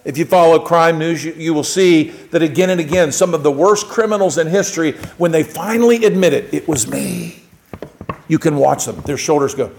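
A man's voice: fairly high pitch, a little fast, hardly any pauses, slight background noise, low-quality recording. A man preaching a conversational sermon to his congregation, acting out short everyday exchanges as he goes. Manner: conversational, acts out little quoted exchanges. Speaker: pastor.

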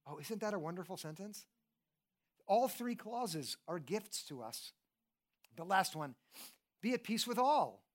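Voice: medium pitch, sing-song, measured pace, long pauses. A preacher giving a sermon in an earnest, conversational way, who often asks the listeners questions and restarts with "and, and". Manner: often repeats "and, and" when starting a thought.

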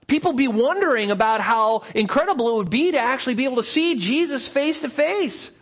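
High-voiced man preaching a sermon. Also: expressive, brisk, few pauses. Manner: earnest, explanatory preaching with rhetorical questions. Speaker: pastor.

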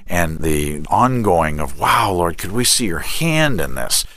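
A middle-aged man, a family ministry director and counselor, talks about faith and parenting in an interview, telling lively stories and acting out the dialogue. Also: deep voice, a little slow, dry recording. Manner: animated storyteller who acts out quoted dialogue.

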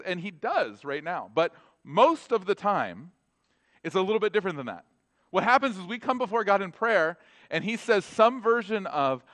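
A man's voice: high voice, normal speed. Conversational man preaching a sermon. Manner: conversational, animated, acts out quoted dialogue.

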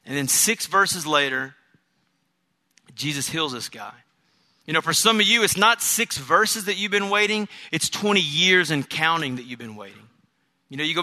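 Bright-voiced preacher giving a sermon. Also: male voice, fairly high pitch, animated, normal speed. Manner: storytelling, quoting imagined voices, emphatic repetition. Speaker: pastor.

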